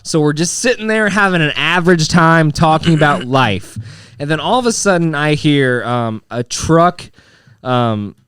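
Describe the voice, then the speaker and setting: A man's voice: on the high side, animated, moderate pace, fairly bright tone, clear, resonant tone, dry recording, studio quality. A young man co-hosting a podcast, telling a story in casual chat, swearing and laughing along the way. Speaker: podcast co-host.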